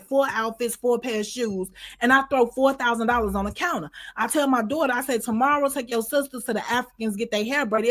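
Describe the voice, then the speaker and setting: A woman being interviewed, telling a long story in a loose, slangy way and often checking in with the listener. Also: fairly high pitch. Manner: slangy, repeats "you know what I'm saying". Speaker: interview guest.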